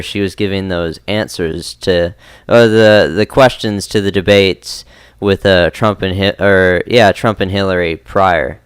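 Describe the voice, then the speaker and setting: Low, smooth-voiced male co-host. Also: no echo. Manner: conversational, leans on "you know". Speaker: podcast co-host. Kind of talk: casual political talk radio.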